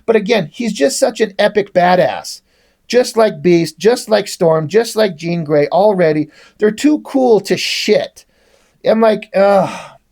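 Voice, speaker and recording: A man's voice: sits high, lively intonation, slow, creaky, darkish tone. A man giving a casual, rambling comic book review in a sarcastic tone, swearing often.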